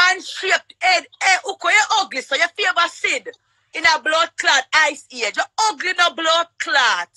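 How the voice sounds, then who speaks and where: Loud, bright-voiced Jamaican woman shouting. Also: very high-pitched, dry recording. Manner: shouting, cursing, rapid-fire. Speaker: livestream guest. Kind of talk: heated livestream quarrel.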